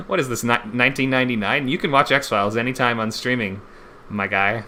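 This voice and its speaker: Bright-voiced man teaching a class. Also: medium pitch, expressive, normal speed, slight background noise. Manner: upbeat and chatty, often laughs. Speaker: screenwriting instructor hosting a live class. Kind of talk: live-streamed online class.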